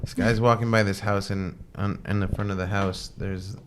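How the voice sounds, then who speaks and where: A man hosting a casual podcast chat, relaxed and joking as he tells a story. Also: lowish voice, normal speed, a little hiss or hum. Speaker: host. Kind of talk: casual chat, telling a joke.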